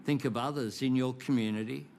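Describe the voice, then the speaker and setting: Brief: Australian political leader, steady formal address, faint hiss behind. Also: male voice, mid-range voice, vocal fry. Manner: measured, reassuring.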